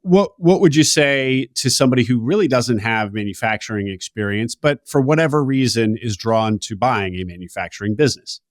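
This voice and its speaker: A man's voice: mid-range voice, a little fast, few pauses, dry recording, studio quality. A man hosting a podcast interview, asking long questions with frequent restarts. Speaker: podcast host.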